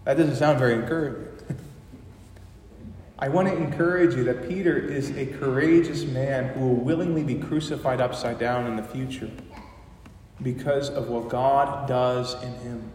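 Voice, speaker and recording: A man preaches a sermon in a church sanctuary, heard from a distance in a long, echoing hall. He is impassioned, slowing his words for emphasis and swelling in volume. Faint room ambience sits under his voice. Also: mid-range voice, fairly even intonation, a little mellow, slight background noise. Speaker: pastor. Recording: echoey hall from far off.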